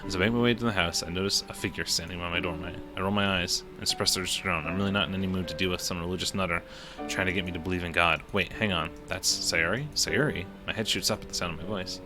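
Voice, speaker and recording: A male streamer with a lowish voice reads a visual novel aloud in a plain, even way, breaking in with his own reactions now and then. Music plays clearly behind him throughout. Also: fast talker, hardly any pauses. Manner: plain narration with occasional reactions.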